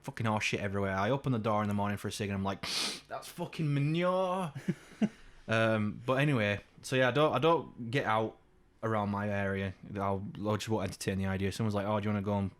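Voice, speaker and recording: Young english bloke on a podcast, lowish voice, sweary rambly stories. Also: male voice, steady tone, quick pace. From England. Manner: swearing, rambling anecdotes, acts out quotes in a high voice. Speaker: podcast co-host. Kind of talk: casual chat.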